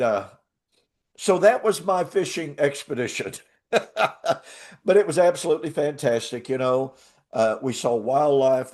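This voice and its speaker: An older man hosting a talk show, telling a travel story in a casual, animated way and laughing often. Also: mid-range voice. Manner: animated, laughs often, acts out quoted voices. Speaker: show host.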